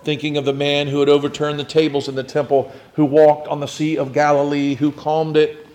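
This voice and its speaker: Man preaching in a flat, even voice. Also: a little high, brisk. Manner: reflective storytelling, drops to a near hush at key points. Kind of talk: sermon.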